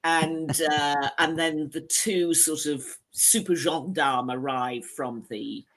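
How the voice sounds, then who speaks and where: A woman reviewing television shows in casual chat, lively and talkative, laughing easily. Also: sits low, takes it slowly. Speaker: screen critic.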